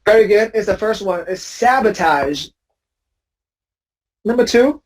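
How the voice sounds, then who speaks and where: A woman's voice: mid-range voice, animated, a little slow, very noisy. Patient woman coaching word stress. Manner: patient, corrective, models words by repetition. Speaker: English pronunciation teacher. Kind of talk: classroom pronunciation drill.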